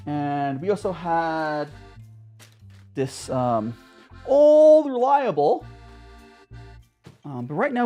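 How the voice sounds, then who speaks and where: A woman streamer chatting casually with her viewers, bubbly and quick to laugh. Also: on the low side, darkish tone.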